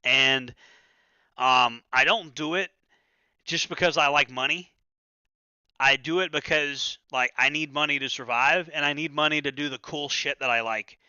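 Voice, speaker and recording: Man, livestream host, very bright voice, dry dull lo-fi sound, casual profane rambling. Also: on the high side, normal speed, smooth, no room sound. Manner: loose and profane, full of stammered restarts.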